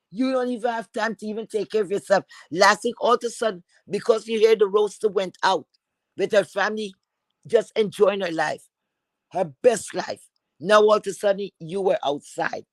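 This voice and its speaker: Man, high voice, confrontational streamer rant, repetitive insults, dry sound. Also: normal speed, long pauses, dry recording, rough recording. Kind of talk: heated profane rant.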